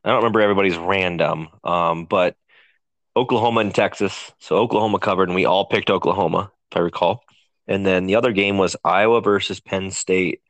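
A man's voice: deep voice, steady tone, brisk, a bit bright, dry recording. A man co-hosting a podcast, leading a casual sports chat in an easygoing, conversational way. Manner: easygoing, conversational, leads the questions. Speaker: podcast co-host.

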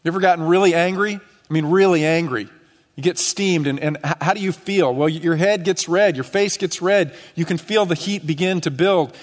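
A middle-aged male pastor preaching an earnest sermon, pushing up on questions and sinking low on key phrases. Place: church sanctuary. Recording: long church reverb.

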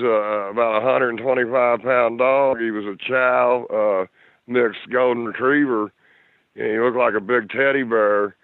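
A middle-aged man from Kentucky with a Kentucky accent, telling a story in a halting way full of fillers and restarts. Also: mid-range voice, vocal fry, no room sound. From Louisville, Kentucky. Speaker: guest telling encounter story. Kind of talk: casual storytelling. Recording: tinny phone line.

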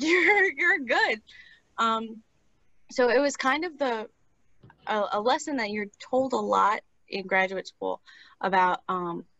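A woman's voice: fairly high pitch, fairly bright tone, no room sound, lo-fi sound. Earnest young woman telling a therapy story. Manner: earnest, conversational. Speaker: speech-language therapist. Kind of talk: casual interview storytelling.

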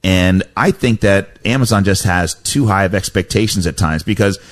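A male radio host with a fairly low voice talks in a loose, rambling way, often restarting his sentences. He sounds like a relaxed studio chat about the markets. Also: moderate pace. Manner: rambling, self-correcting, chatty. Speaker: radio host, stock advisor.

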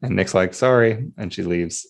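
A man with a very low, deep voice talks through a TV episode on a podcast. He recaps scenes in a loose, conversational way, slipping into voices for the characters. The talk is casual and unscripted. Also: a little fast. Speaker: podcast co-host. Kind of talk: casual chat.

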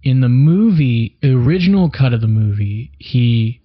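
A man's voice: medium pitch, animated, moderate pace. A young adult man co-hosting a podcast, recapping loosely and swearing casually in rambling chat. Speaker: podcast co-host. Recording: dull lo-fi recording.

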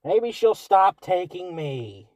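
A man's voice: high voice, big pitch swings, slow, darkish tone, dry recording. A man co-hosting a casual podcast, swearing constantly and talking sarcastically through a clogged sinus. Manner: profane, sarcastic, mock voices. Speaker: podcast co-host. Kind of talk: crude casual banter.

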